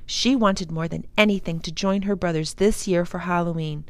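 A woman's voice: fairly low pitch, dry recording. A woman who works as a children's librarian reading a chapter book aloud for kids. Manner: slow, expressive. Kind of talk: storybook read-aloud for children.

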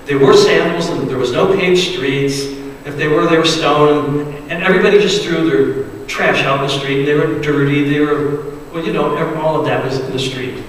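Pastor preaching in an echoey church. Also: male voice, on the high side, moderate pace, a little hiss or hum. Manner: dramatic storytelling, swings from loud to hushed. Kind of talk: sermon. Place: church sanctuary. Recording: echoey church hall, distant mic.

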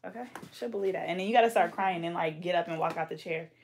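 A woman's voice: lowish voice, quick pace, a little mellow, a little hiss or hum. Playful young woman teasing while braiding. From Bay Area, California. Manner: playful teasing banter, slangy. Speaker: braider and channel host. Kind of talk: casual chat while braiding.

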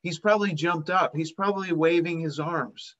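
A man's voice: fairly high pitch, normal speed, fairly bright tone, dull audio. A man preaching a sermon, retelling a Bible story and acting out its voices with rising emphasis.

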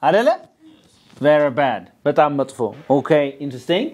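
Fast-talking Ethiopian teacher drilling English. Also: male voice, fairly high pitch, animated, darkish tone. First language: Amharic. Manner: coaxing, drills students to repeat words. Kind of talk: classroom English lesson, call and response.

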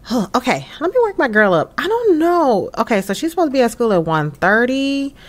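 Chatty woman with a lively voice. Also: a little high, brisk. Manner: chatty, exclaiming, slangy. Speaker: gaming video creator. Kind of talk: casual gameplay commentary.

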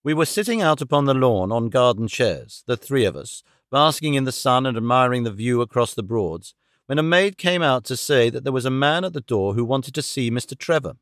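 A man narrates a classic audiobook in a measured, formal way, steady and even. His voice sits in the middle range. The recording is dry and close, with no room sound. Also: medium pitch, dry recording.

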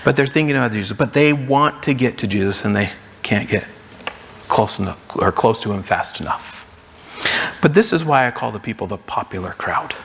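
A man's voice: lowish voice, expressive, normal speed, vocal fry, a bit bright, slightly rough, in a large hall. A man preaching a sermon as pastor, in a conversational way, acting out what the crowds might say. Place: church sanctuary.

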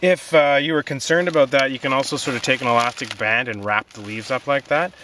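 A man giving a relaxed, folksy gardening demonstration outdoors in his vegetable garden, with many fillers. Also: medium pitch, fairly quick. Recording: distant outdoor mic, faint noise.

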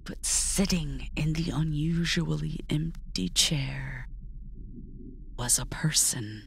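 A woman narrating a horror story in a hushed, often whispered way. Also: deep voice, takes it slowly, creaky, a little hiss or hum.

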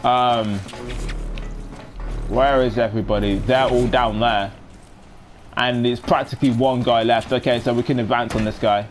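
A man's voice: medium pitch, fairly even intonation, moderate pace, pauses often, faint music behind. A young man giving casual, jokey live commentary while playing a shooter game. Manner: chatty, jokey, self-narrating. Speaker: gaming commentator.

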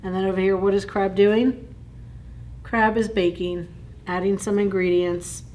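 Woman librarian, story time reader, unhurried and chatty, asks kids questions. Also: mid-range voice, flat delivery, darkish tone, a little hiss or hum. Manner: slow, deliberate reading. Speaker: children's librarian. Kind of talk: children's story time read-aloud.

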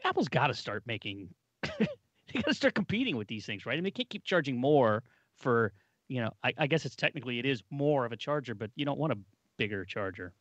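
A man's voice: mid-range voice, very animated, brisk, fairly bright tone, no echo, highs cut off. A man co-hosting a casual tech podcast, chatty and joking, with hesitant fillers. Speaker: podcast co-host.

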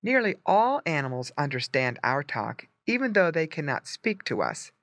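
Storybook narrator for English learners: clear, gently explaining, bright tone, animated delivery, dry close mic. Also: medium pitch, normal speed, no echo.

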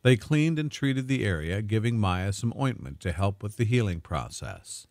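A man smoothly narrating a dramatic story in a scripted, storytelling manner. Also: on the low side, big pitch swings, moderate pace, a little mellow, no echo, clean studio sound.

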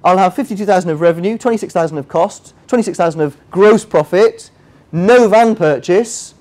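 A man's voice: sits high, fairly quick, darkish tone. A man leading a finance workshop, quizzing the audience and dropping self-mocking asides. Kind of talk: interactive teaching. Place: workshop room with a live audience.

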